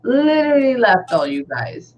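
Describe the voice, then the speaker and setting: A woman with a Texan accent, a medium in a casual reading session, chatting and relaying messages, often pausing to say "hang on". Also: fairly high pitch, very animated. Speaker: psychic medium. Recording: slightly dull audio with faint background noise.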